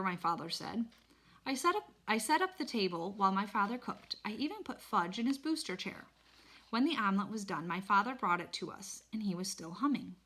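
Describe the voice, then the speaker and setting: A woman reading a children's novel aloud in an expressive, animated storytelling manner. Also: medium pitch, a little fast. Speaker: reader.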